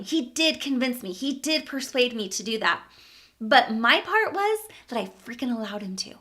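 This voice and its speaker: A woman's voice: on the high side, fairly bright tone. A woman vlogger telling a personal story in a candid, emphatic way, swearing casually.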